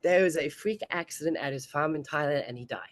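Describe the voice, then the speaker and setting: A woman who competes in bodybuilding chats casually as an interview guest, laughing often between sentences. Her voice is deep and quick, with no echo.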